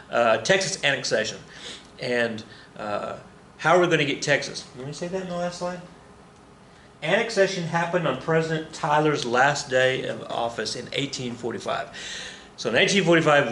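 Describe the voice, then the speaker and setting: A man's voice: mid-range voice, a little fast, pushed and bright, echoey room, a little hiss or hum. A male history teacher giving a casual, joking classroom lecture, often correcting himself as he talks to his students.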